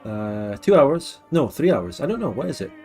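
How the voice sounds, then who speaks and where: A Scottish man hosting a relaxed late-night livestream, chatting frankly and laughing often. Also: medium pitch, normal speed, soft background music. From Scotland. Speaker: livestream host. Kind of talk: casual late-night stream chat.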